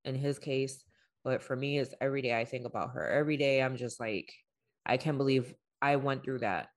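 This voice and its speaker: A young woman co-hosting a candid talk, speaking emotionally and haltingly with many fillers. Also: very deep voice, fairly even intonation. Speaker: podcast co-host. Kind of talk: candid personal conversation.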